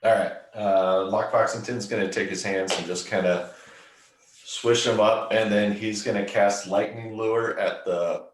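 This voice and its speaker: Deep-voiced man on an echoey distant mic. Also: fairly even intonation, measured pace, noisy background. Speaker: player. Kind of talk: tabletop game play.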